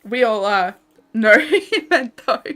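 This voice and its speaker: A woman's voice: on the high side, animated, unhurried, sharp tone. A young Australian woman chatting casually with her viewers while gaming on a livestream, laughing often and reading out chat messages. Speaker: streamer.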